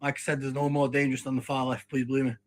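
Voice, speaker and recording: Indignant man ranting, flat tone. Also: medium pitch, very fast, a little hiss or hum, rough recording. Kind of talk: ranting opinion video.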